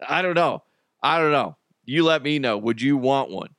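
A man's voice: mid-range voice, fairly bright tone, no room sound. Joking male podcast host, dry sound. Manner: jokey, laughs often, restarts. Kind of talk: casual comedic monologue.

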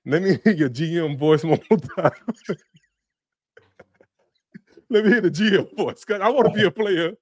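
A man's voice: high voice, normal speed, pauses often, a little mellow, no room sound. Easygoing man on a podcast, dry sound. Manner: laughs often, easygoing. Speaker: podcast co-host, former football player. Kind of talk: casual sports talk.

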